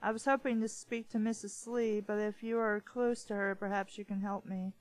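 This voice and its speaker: A woman reading the lines of a charming, smooth-talking upper-class English gentleman from a novel, in a polite, persuasive manner. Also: medium pitch, fairly even intonation, moderate pace, dry recording, natural voice, low-quality recording.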